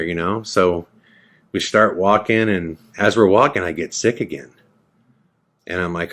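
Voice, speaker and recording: Low-voiced man telling a true story. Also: moderate pace. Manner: animated retelling, acts out both sides of dialogue. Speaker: podcast host. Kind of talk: casual first-person storytelling.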